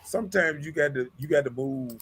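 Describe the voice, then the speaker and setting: A man's voice: on the high side, brisk, fairly bright tone, husky. A man hosting a casual talk stream, rambling with lots of repeated words and fillers. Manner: rambling, repeats words, often says "you know what I'm saying". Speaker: host. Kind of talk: casual livestream chat.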